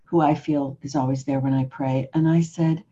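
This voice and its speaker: A woman's voice: extremely low pitch, steady tone, moderate pace, dark tone. A woman interviewer in a reflective spiritual conversation, telling her story earnestly and asking searching questions. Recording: slightly muffled lo-fi recording.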